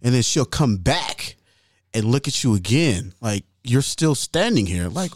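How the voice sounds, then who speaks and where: A man hosting a casual chat, animated and profane, acting out what others say. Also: medium pitch, measured pace, no room sound, clean studio sound. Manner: animated, profane, acts out quotes.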